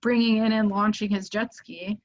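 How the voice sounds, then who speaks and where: A young woman recounts a story as a podcast guest, animated and full of "like" fillers. Her voice sits at a middle pitch for a woman. The sound is a bit muffled and lo-fi. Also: moderate pace. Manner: animated, many "like" fillers, acts out quoted voices. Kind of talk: casual storytelling. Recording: muffled lo-fi audio.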